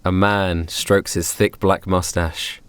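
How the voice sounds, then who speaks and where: A man's voice: low voice, level tone, slow, clear, resonant tone, no echo. A man playing in a tabletop game, narrating a short scene for the group. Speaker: player.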